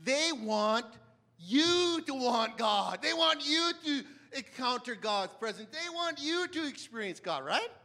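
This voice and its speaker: Male preacher, high and bright timbre, emphatic delivery that swings loud to hushed. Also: very animated, measured pace. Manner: emphatic, dramatic swings from loud to hushed, asks the audience questions. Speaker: pastor. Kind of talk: sermon.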